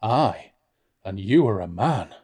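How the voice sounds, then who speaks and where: A man voicing a seductive, scheming noblewoman from a fantasy novel, reading her in a low, soft, unhurried voice. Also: lively intonation, husky, full character voice. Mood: teasing.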